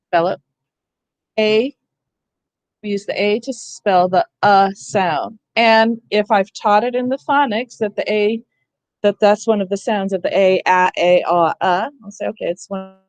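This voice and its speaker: A woman's voice: mid-range voice, no echo. A woman leading an online training session for teachers, explaining step by step and checking that her listeners follow. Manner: explanatory, asks "That makes sense?".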